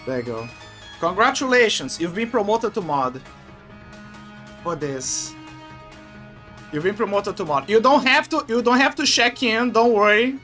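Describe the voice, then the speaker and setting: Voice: mid-range voice, big pitch swings, a little slow, bright, forceful tone, soft background music. A streamer chatting casually to viewers while gaming, often stammering and repeating words as they vent.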